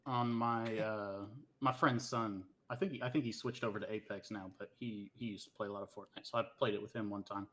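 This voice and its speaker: A man co-hosting a gaming podcast over an online call who speaks in a measured, lightly teasing way. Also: on the low side, steady tone, a bit bright. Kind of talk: casual chat.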